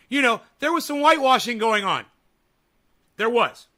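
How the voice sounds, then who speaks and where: A man reacting to a video in casual commentary, sarcastic and swinging into loud rants. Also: extremely high pitch, expressive, moderate pace.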